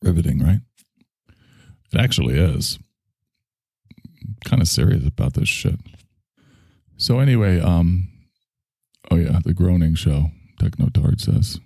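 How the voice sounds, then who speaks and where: Male podcast host, gravelly and husky, lively delivery, dry close sound. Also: low-pitched, unhurried, long pauses, no echo. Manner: rambling, offhand, gravelly. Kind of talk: casual chat.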